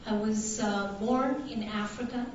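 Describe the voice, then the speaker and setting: A woman from Tanzania raised in Canada, giving a conference talk, slow and hesitant with many fillers. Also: mid-range voice, fairly even intonation, a little hiss or hum. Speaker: conference speaker. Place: conference hall. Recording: distant, echoey, muffled hall recording.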